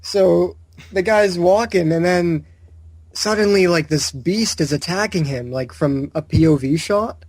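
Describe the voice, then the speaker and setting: A man's voice: high-pitched, unhurried, darkish tone, no echo. Laid-back man with a dry close voice. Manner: laid-back, laughs while telling stories. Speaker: podcast co-host. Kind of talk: casual podcast chat and anecdote.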